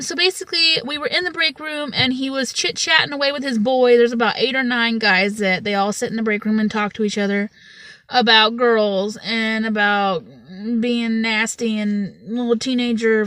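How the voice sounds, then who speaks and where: Loud, energetic woman in her twenties. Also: on the high side, no room sound. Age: 20s. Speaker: vlogger. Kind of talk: storytime vlog.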